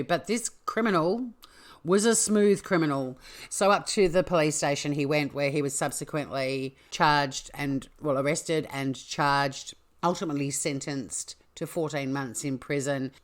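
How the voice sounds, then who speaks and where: Australian woman host, casual storyteller, low voice, playful asides. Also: fairly even intonation, a little slow. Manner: chatty, jokey, with asides. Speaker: podcast host.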